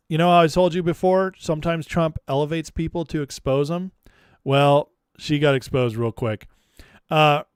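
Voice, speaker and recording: Brief: opinionated male vlog host, smooth voice, dry close sound. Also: on the high side, no echo. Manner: chatty, opinionated, offhand. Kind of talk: political commentary vlog.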